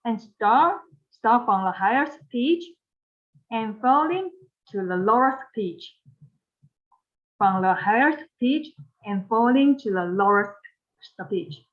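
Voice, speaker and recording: A woman with a Mandarin Chinese accent teaching pronunciation, speaking slowly, repeating phrases and modeling tones for learners to repeat. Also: a little high, expressive, dull audio. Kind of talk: pronunciation lesson.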